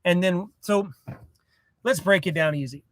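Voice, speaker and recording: A laid-back man with a fairly high voice rambles through a casual phone livestream from inside his parked van. The sound is dry and close, with no room echo. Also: a little slow. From Canada. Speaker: van life vlogger. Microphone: cell phone.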